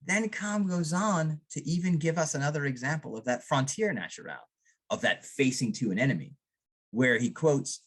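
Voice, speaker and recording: A man from Vermont giving a public history lecture on archaeology, animated and often checking in with the audience. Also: mid-range voice, a little fast. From Vermont, USA. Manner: animated, often ends with a questioning "right?".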